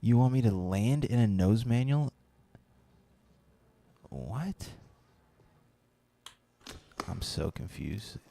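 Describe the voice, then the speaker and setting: A man's voice: lowish voice, big pitch swings, extremely slow, creaky, pauses often, warm tone. A man casually chatting with live viewers while playing a BMX video game, rambling and reading the chat aloud.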